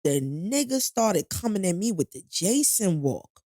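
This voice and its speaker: A woman's voice: medium pitch, big pitch swings, unhurried, warm tone, dry recording. A middle-aged woman guest on a podcast, retelling a painful personal story in a blunt, profane, emphatic way.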